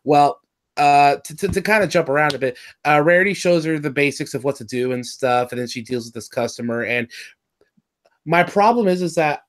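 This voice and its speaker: A man hosting a casual review chat, rambling and excitable, swearing often and restarting his sentences. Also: fairly high pitch, brisk. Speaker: podcast host reviewing cartoon episodes.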